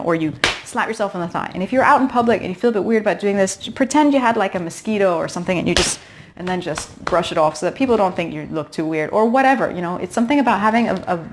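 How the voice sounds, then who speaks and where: A woman in her thirties gives heartfelt advice straight to camera. She talks warmly and emphatically as a pregnancy coach, and she stresses each point she wants to land. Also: fairly low pitch. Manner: earnest, encouraging, emphatic. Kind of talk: direct-to-camera advice talk.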